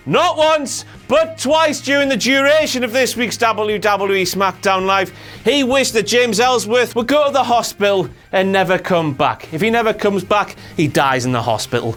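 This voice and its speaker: Brash high-voiced man, comic rant. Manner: brash, swears, jumps between shouts and low mutters. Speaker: host. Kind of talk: comedic rant.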